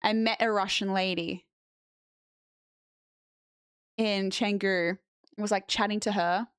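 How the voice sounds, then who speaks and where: A woman's voice: medium pitch, steady tone, moderate pace, clean tone, dry recording, studio quality. A young woman streaming, chatting bluntly and jokingly with her live chat and reading messages aloud. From Australia.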